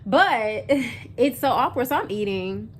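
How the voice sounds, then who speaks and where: A woman's voice: fairly high pitch, animated, takes it slowly, slight background noise. A woman in her twenties talking casually to camera as a vlogger, chatty and full of fillers, speaking straight to her viewers. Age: 20s. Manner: chatty, filler-heavy, addresses viewers as y'all.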